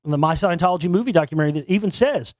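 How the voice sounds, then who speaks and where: A man hosts his own talk show from a home setup and speaks straight into a desk microphone. His voice sits a bit high. He rambles casually, doubling back and repeating words as he goes, and the sound is dry with no room echo. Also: expressive, racing, a little mellow. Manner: rambling, frequent restarts and stammered repeats. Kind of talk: casual solo commentary. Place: home studio near Dallas.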